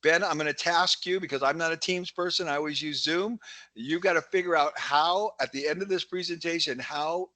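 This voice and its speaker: A middle-aged man giving a webinar talk, telling energetic stories full of quoted dialogue. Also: fairly high pitch, normal speed, dry recording. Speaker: keynote speaker. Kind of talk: webinar presentation.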